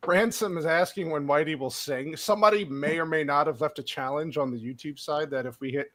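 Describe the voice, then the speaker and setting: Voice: medium pitch, fairly quick, a bit bright. A podcast host chatting casually on a livestream, reading out chat messages and teasing co-hosts. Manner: playful, teasing, reads chat aloud.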